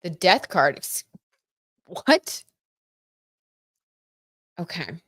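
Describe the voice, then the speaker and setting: A woman's voice: lowish voice, big pitch swings, extremely slow, fairly bright tone, husky, no room sound, studio quality. A woman hosting a tarot livestream, chatty and giggly, talking straight to her viewers. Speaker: tarot reader, livestream host. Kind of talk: casual livestream chat, tarot reading.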